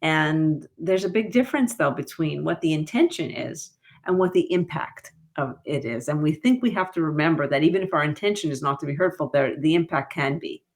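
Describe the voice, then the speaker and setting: A woman grief counselor and author talking in an interview, lively and jumping high in pitch when she quotes people. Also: brisk. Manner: animated, rises high when quoting others. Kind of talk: conversational interview.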